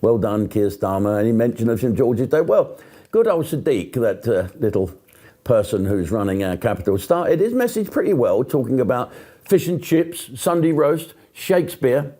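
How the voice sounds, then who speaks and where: Sarcastic, swearing older British man, mellow voice. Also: medium pitch, big pitch swings, moderate pace. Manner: sarcastic, mocking, swears freely. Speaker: comedian. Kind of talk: profane stand-up style rant.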